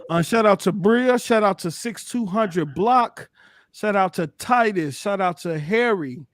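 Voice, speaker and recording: A man's voice: high voice, expressive, measured pace, no room sound. A man hosting a casual gaming podcast, laughing and reading out chat names. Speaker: podcast host.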